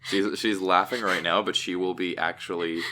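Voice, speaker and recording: A man's voice: low-pitched, fairly even intonation, normal speed, bright, forceful tone, a little hiss or hum. A man co-hosting a casual podcast, chatty and teasing, often stumbling over his words. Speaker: podcast co-host.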